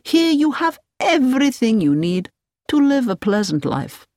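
A woman's voice: on the high side, very animated, a little mellow, no echo, studio quality, pitched above the performer's own voice. Woman reading as a soothing, menacing old man. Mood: calmly menacing. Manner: slow, measured, soothing. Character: calm, businesslike elderly man, softly menacing captor.

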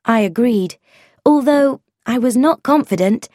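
A woman narrating a story in the first person, with a wry, expressive manner. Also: on the high side, measured pace, no room sound, clean studio sound. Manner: expressive, wry, with voiced dialogue.

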